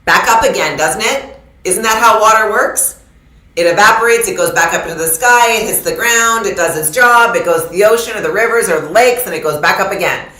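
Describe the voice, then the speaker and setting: A woman's voice: mid-range voice, brisk, bright, forceful tone, reverberant, rough recording. A middle-aged woman coach giving a live online masterclass in an emphatic, preacher-like style, talking straight to her audience. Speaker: business coach. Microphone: video call.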